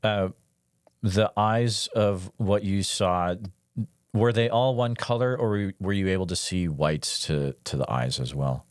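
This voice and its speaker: A man hosting a podcast, asking methodical, detailed questions and giving soft acknowledgements between them. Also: sits low, measured pace, clear, resonant tone, no room sound, studio quality. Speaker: podcast host, interviewer. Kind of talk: calm interview questioning.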